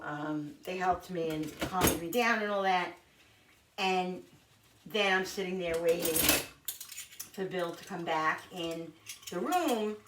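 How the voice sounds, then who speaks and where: A woman's voice: on the low side, very noisy. A middle-aged woman vlogger telling a long personal story in a casual, rambling way, full of restarts and asides. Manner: rambling, emotional, many restarts and "you know"s. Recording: echoey kitchen from far off, clattering dishes.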